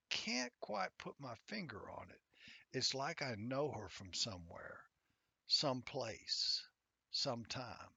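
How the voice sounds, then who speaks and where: A man reads his own fantasy novel in the first person, with a bright, forward tone and a wry, chatty delivery. He slips into soft half-whispered asides now and then. The recording is close, dry and a little muffled. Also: mid-range voice, no room sound.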